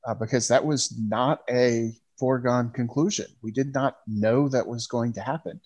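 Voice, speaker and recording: Podcast dude talking slow and careful, lots of uhs, mid pitch. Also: male voice, fairly even intonation, darkish tone. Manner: measured, hesitant with many uhs. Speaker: podcast co-host. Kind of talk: casual chat.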